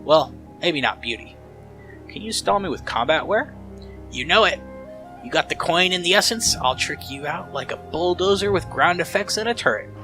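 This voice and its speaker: A man voicing a cheerful, hungover middle-aged male cyber doctor who jokes loudly, with a Midwestern accent. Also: on the high side, animated, moderate pace, soft background music, pitched above the performer's own voice. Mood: jovial. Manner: loud, boisterous, joking.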